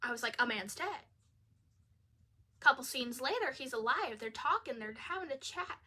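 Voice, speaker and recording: A young woman with a bright, somewhat high voice runs through a movie's plot in a casual, chatty review. She peppers her talk with "like" and sounds openly exasperated at what she describes. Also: animated, moderate pace, slightly rough. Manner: chatty, exasperated, uses "like" often. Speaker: video creator reviewing a film. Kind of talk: casual spoken film review.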